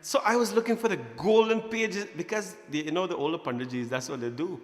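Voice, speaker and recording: Man, temple priest, forties, jokey storyteller, slightly high voice, long hall echo. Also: fairly quick. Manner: jokey, laughing, acts out childhood voices. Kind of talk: storytelling at a prayer gathering. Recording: echoey hall, faint music behind.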